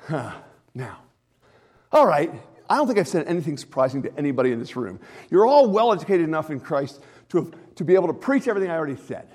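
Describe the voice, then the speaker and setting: A male pastor preaching a sermon in an animated way, dropping to hushed tones and then rising to emphatic ones. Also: fairly high pitch, fast talker, husky.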